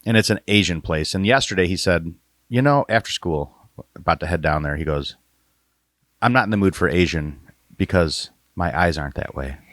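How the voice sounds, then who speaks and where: A man's voice: low voice, expressive, moderate pace, a bit bright. A man hosting a podcast in casual, joking talk that often trails off and restarts.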